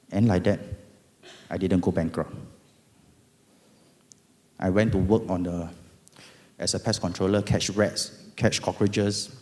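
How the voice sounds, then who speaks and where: Casting: low-voiced Singaporean man, middle-aged, storytelling testimony, booming hall reverb. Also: normal speed, pauses often. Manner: animated, dramatic, bursts of loud emphasis. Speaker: speaker giving testimony. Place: event hall.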